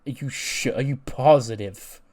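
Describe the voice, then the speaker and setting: A man's voice: mid-range voice, a little slow, darkish tone, voice pushed up, lightly acted. A man voicing a worried, loyal male wrestler who talks in hesitant stammers.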